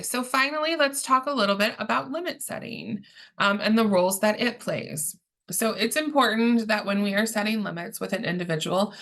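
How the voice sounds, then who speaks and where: A woman giving a training presentation in a calm, measured, explanatory way, pausing often with ums. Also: mid-range voice, vocal fry.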